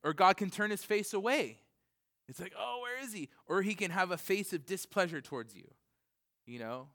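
A man's voice: high voice, expressive, normal speed, a bit bright. A man preaching a casual sermon to a congregation. He rambles with lots of "like" and "you know" and briefly acts out other voices. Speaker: pastor. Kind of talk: conversational sermon. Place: church, in front of a congregation. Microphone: recorded for CD and computer.

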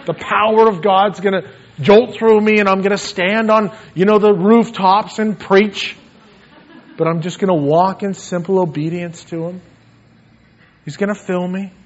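A man preaching a sermon in a church sanctuary and leading a prayer, earnest, swinging between emphatic lines and hushed ones. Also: sits high, steady tone, measured pace, highs cut off.

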